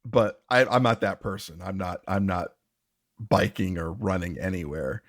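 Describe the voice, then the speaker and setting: A man's voice: deep voice, normal speed. A man co-hosting a podcast, rambling in casual chat, restarting sentences and laughing often. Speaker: podcast co-host.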